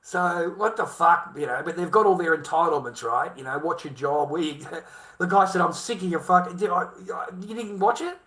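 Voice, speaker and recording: Brief: middle-aged Australian bloke, fairly high voice for a man, swears constantly, heated rambling rant. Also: lively intonation, moderate pace, pushed and bright, poor audio. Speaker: vlogger. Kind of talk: casual rant to camera.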